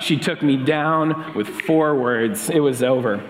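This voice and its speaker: A pastor in his thirties speaks from the front of a church. He talks in a relaxed, conversational way, with plenty of fillers and restarts. His voice sits at a middle pitch and rings around a reverberant hall. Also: takes it slowly, hardly any pauses. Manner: casual, chatty, with fillers and restarts. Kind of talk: sermon with a personal story. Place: church sanctuary. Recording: echoey hall with long reverb.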